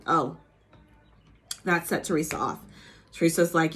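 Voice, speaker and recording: A woman's voice: sits low, measured pace, pauses often, a bit bright. A woman chatting casually as she recaps a reality TV episode, full of "like" and "you know", now and then acting out cast members in a mock New Jersey accent.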